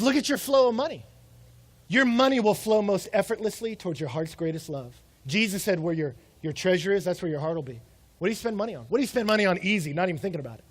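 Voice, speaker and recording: A man's voice: high voice, husky. A young adult man preaching a sermon in a conversational way, asking rhetorical questions and acting out short quotes. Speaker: pastor.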